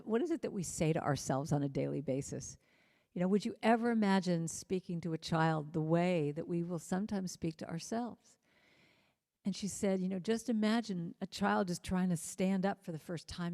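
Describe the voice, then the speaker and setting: An American woman speaks gently and earnestly in a spiritual talk, lingering on key phrases. Her voice sits slightly low. Long reverb from a large hall trails after her words. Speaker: musician and inspirational speaker. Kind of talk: spiritual talk with sung chant.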